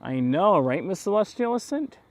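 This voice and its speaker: A man's voice: high-pitched, big pitch swings, moderate pace, dry recording. Chatty man with a slight New York accent. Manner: rambling, chatty, chuckling asides. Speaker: livestream host. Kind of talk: casual walk-and-talk livestream. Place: outdoors on town streets at night.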